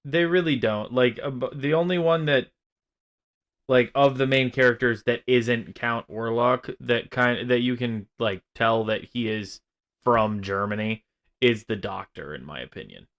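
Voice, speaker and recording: A man's voice: mid-range voice, a little slow, fairly bright tone. A man co-hosting a casual film review chat, rambling and swearing freely as he airs his gripes. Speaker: film podcast co-host.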